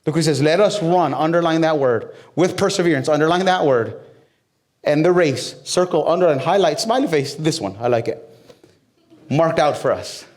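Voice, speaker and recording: A male pastor preaching a sermon, talking straight to the people in the room with humor and questions, and building up to loud, high-pitched climaxes. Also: lively intonation, normal speed. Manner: conversational with humor and direct questions to the crowd.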